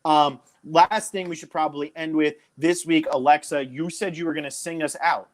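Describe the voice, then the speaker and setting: A man's voice: fairly high pitch, fairly even intonation, moderate pace. A young man from New Jersey co-hosting a podcast, talking casually and enthusiastically with lots of fillers. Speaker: podcast co-host.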